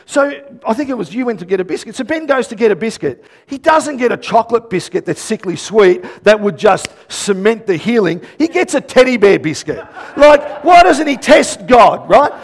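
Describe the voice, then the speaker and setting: A man delivering a sermon in a strikingly high voice. He tells stories with lots of acted-out dialogue and bursts into shouts for emphasis. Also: a little fast, few pauses, slightly rough. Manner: animated, acts out quoted dialogue, shouts emphasis. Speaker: pastor.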